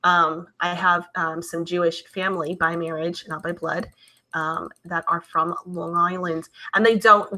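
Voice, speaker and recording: A woman hosts a casual live stream with a bright, forceful tone that sits a little low in pitch. She reads her viewers' comments aloud and answers them in a loose, chatty way. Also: level tone, measured pace. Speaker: livestream host reading viewer chat.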